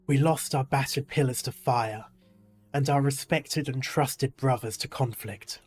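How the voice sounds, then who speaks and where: A man voicing an elderly male priest, reading his lines slowly and gravely with a slight shake in his voice. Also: mid-range voice, a little mellow, soft background music. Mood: solemn. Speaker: game player reading dialogue aloud.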